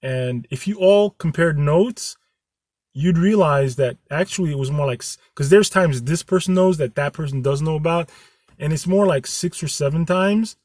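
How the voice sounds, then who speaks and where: A man's voice: a little high, normal speed, a little mellow, no echo, clean studio sound. A man hosting his own channel, talking to his viewers earnestly and rambling, with many restarts. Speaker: channel host. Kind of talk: candid vlog talk to viewers.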